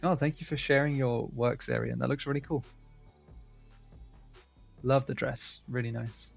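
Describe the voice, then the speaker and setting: Guy hosting an art stream, kinda gravelly, chatty and jokey, some music playing faintly. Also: mid-range voice, steady tone, measured pace. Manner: chatty, joking, laughs often. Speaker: stream host. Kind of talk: casual stream chat.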